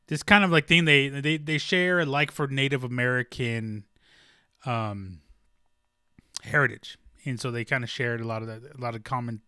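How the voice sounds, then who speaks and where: A man's voice: mid-range voice, sharp tone, clean tone, no echo, studio quality. A young man hosting a casual solo sports podcast, rambling with many ums and restarts. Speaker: podcast host.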